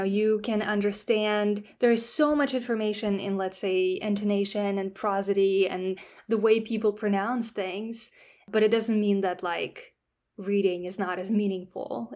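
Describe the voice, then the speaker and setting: A woman who is a native Russian speaker, a podcast guest explaining language and the brain in a relaxed way, with many "you know" fillers. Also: medium pitch, normal speed. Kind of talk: casual podcast interview.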